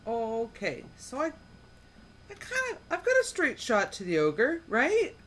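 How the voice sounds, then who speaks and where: A woman with a high voice that swings widely takes her turn in a tabletop game. She speaks slowly and sounds hesitant and apologetic about her choices. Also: wildly swooping pitch, fairly bright tone. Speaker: player. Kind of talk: casual tabletop game chat.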